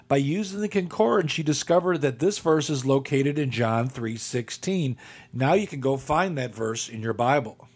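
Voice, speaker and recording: A man's voice: medium pitch, animated, normal speed, a little mellow, breathy edge. Man, Bible study teacher, instructional lecture, methodical numbered steps. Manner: methodical, walks through numbered steps with fillers.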